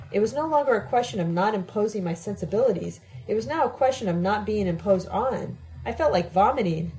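A woman narrates a first-person story as an audiobook, her voice sitting at a middle pitch. She reads expressively and dramatically, with faint music in the background. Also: animated, brisk, few pauses, dark tone, poor audio.

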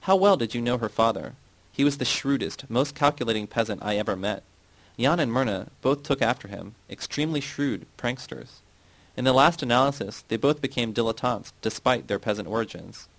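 A man's voice: mid-range voice, lively intonation, fairly quick, vocal fry, fairly bright tone, no room sound, low-quality recording. A man reading the part of a dogmatic male party loyalist who lectures and dismisses others. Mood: lecturing.

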